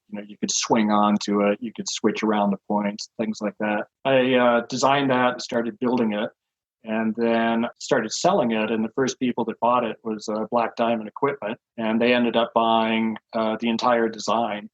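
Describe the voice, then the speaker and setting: A man's voice: lowish voice, flat delivery, moderate pace, lo-fi sound. A man in his sixties, a podcast guest telling rambling stories with lots of fillers and chuckles. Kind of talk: casual anecdotal storytelling.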